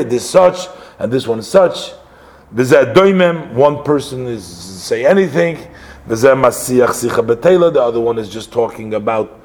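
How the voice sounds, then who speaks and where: A man's voice: mid-range voice, darkish tone. A man teaching a Torah class, explaining and translating text phrase by phrase in a conversational way with frequent asides. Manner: conversational, translating phrases line by line, many "you know" asides.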